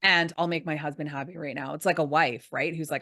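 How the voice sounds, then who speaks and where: A woman's voice: deep voice, steady tone, a little fast, pushed and bright, no room sound, studio quality. A woman hosting a business podcast, chatty and easygoing as she builds on her guest's points. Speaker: podcast host. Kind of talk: casual interview talk.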